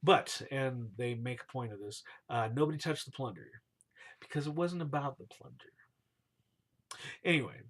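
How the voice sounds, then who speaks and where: A man's voice: medium pitch, moderate pace, pauses often, fairly bright tone. A man retelling a scripture story casually and playfully, cheering and booing the names as he goes, in slangy speech.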